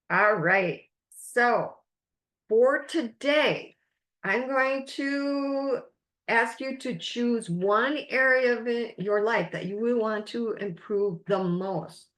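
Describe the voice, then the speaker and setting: Slow, emphatic woman coaching in an echoey room. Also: fairly high pitch, a bit bright. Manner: slow, emphatic, drawn-out phrasing. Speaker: life coach. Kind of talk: webinar coaching talk.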